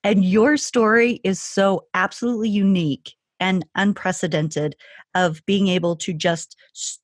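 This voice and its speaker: A woman's voice: mid-range voice, steady tone, a little slow, dry recording, clean studio sound. A woman hosting a podcast interview who speaks with effusive enthusiasm to her guests. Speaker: podcast host.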